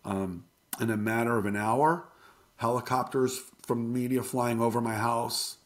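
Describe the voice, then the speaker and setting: A middle-aged man telling a painful personal story as an interview guest, halting and emotional. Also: mid-range voice, steady tone.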